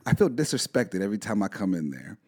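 A man's voice: fairly low pitch, big pitch swings, fast, husky. A man in casual podcast chat, rambling and teasing, full of fillers.

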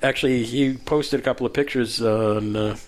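A man's voice: medium pitch, fairly even intonation, moderate pace, slight background noise. A man hosting a casual podcast chat with friends, telling stories and laughing often. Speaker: podcast host.

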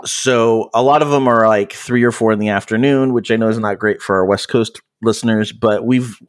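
A man's voice: lowish voice, fairly even intonation, normal speed. Easygoing man in casual podcast chat. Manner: easygoing, chatty, trails off mid-thought. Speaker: podcast co-host.

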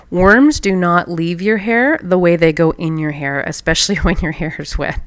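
Low-voiced woman coach telling a story. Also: clear, resonant tone, no room sound. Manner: warm, reflective storytelling with soft laughs. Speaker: personal excellence coach and podcast host. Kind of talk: motivational storytelling monologue.

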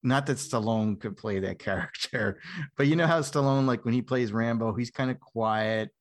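A man's voice: mid-range voice, normal speed. A man chatting casually as a podcast co-host, blunt and opinionated, often laughing mid-sentence. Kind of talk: casual film chat.

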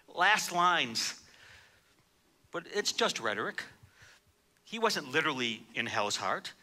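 A high, very bright male voice delivering a sermon. He swings from hushed, low lines to loud, ringing declarations. He leans on repetition to drive points home. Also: animated, normal speed. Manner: dramatic preaching, swinging between hushed and loud; repeats phrases for emphasis. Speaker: pastor.

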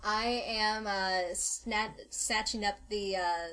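A woman's voice: mid-range voice, fairly even intonation, slow pace. A woman playing a tabletop game, explaining rules and describing her character's actions in a chatty way. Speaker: player. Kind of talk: casual tabletop play. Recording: faint background noise.

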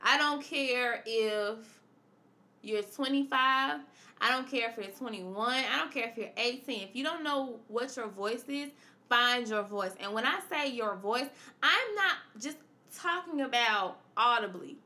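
A woman's voice: a little high, animated, measured pace, sharp tone, roomy sound. A woman hosting a confessional podcast, speaking emphatically and repeating her points in a preacherly way. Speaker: podcast host. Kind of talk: personal confessional podcast monologue.

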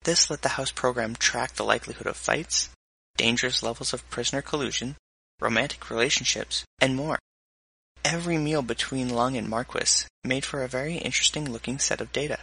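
A man reading a story aloud in a measured, even narration. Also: mid-range voice, gravelly, slightly rough, no echo, poor audio. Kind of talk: audiobook narration.

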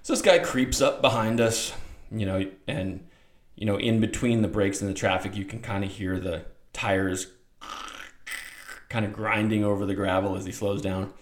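A middle-aged man telling a rambling, animated childhood story in a casual way, acting out voices. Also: lowish voice, normal speed. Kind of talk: casual anecdote. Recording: roomy echo.

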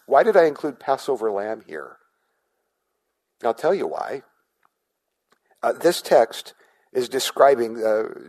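A man's voice: mid-range voice, darkish tone, rough recording. A male pastor giving a sermon in a conversational way, often asking the congregation questions and restarting his words.

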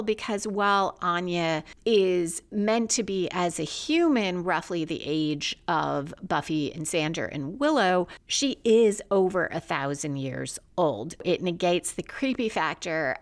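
A woman hosting a podcast, retelling a TV episode scene by scene and analyzing how its story works in a chatty, analytical way. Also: on the low side. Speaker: podcast host.

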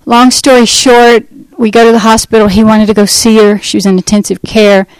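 A middle-aged woman telling her personal testimony in an earnest, conversational way, pausing and restarting as she goes. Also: on the high side, flat delivery, darkish tone, clean tone, no room sound, rough recording. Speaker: speaker giving a testimony.

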